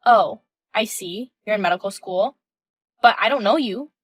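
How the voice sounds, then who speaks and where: A woman's voice: mid-range voice, moderate pace, dry recording, pitched below the performer's own voice, lightly acted. A woman in her thirties voicing a composed, indignant wife in a text-message story, firm and questioning. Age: 30s.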